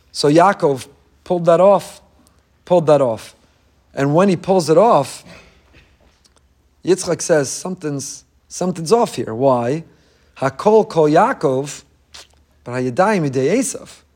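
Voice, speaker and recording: A man with a high voice preaches a sermon with passion and emphasis. He slips Hebrew phrases into his English. He drives his points home with repetition. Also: darkish tone. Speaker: rabbi.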